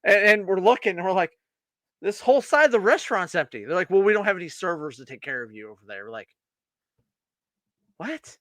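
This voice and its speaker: A man's voice: sits high, fast talker, no echo. A man co-hosting a podcast, chatting casually over beers and acting out the people in his stories. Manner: animated storytelling, acts out quotes. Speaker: podcast co-host.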